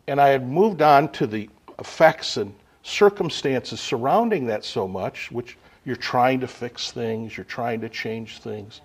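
Man preaching, loud then hushed. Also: medium pitch, expressive, husky. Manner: unhurried, with sudden swings between loud emphasis and quiet asides. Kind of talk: sermon.

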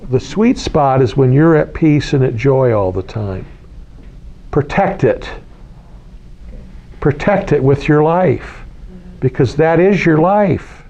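An American spiritual teacher talks casually to a small group in a sing-song, fairly high, warm voice, speaking slowly with long pauses. He repeats key phrases and asks his listeners questions. The lo-fi recording sounds slightly dull, with slight background noise.

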